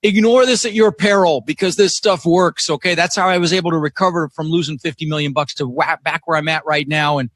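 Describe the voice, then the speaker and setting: A man guest in a casual interview, telling stories in an energetic, emphatic way from his home office. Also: fairly high pitch, brisk, few pauses, no echo. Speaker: podcast guest, real estate investor. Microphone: no video, audio call.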